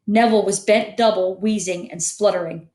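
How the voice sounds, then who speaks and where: A woman narrating an audiobook in steady storytelling. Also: mid-range voice, normal speed, reverberant. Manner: steady storytelling, many character voices. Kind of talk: scripted narration.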